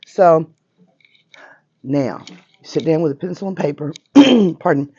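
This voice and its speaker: A woman in her sixties with a hoarse, nearly gone voice, teaching a witchcraft class in a chatty, emphatic way and often checking in with "right?" and "okay?". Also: low-pitched, lively intonation, unhurried, warm tone, no echo, lo-fi sound. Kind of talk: informal class lecture. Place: metaphysical shop classroom.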